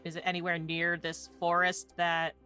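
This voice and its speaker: A woman plays in a tabletop game, chatting casually in character and out. Her voice is bright and clear, with faint music behind her. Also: on the low side, completely flat delivery, moderate pace. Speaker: player. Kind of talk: casual tabletop role-play.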